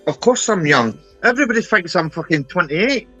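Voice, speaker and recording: Blunt man, bright forceful voice. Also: high-pitched, very animated, fairly quick, lo-fi sound, soft background music. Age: 30s. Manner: blunt, swearing, peppers speech with "right?". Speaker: guest on live stream. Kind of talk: casual chat.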